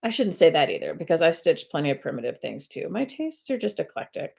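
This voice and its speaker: A woman's voice: deep voice, very animated, a little fast, creaky, a little mellow, slightly rough. A woman chatting casually at home on a live stream while she stitches, rambling with many fillers and self-corrections. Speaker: host of a cross-stitch video channel.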